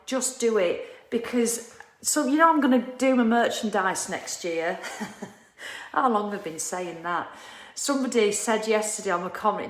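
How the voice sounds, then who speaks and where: A woman giving a casual, animated motivational talk, ranting and swearing freely and laughing at herself. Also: fairly high pitch, reverberant. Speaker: motivational vlogger.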